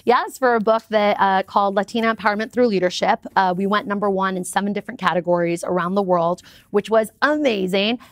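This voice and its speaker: A woman talking as a guest in a casual interview, with upbeat and expressive storytelling. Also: medium pitch, a little fast, hardly any pauses, no room sound. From United States. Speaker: podcast guest.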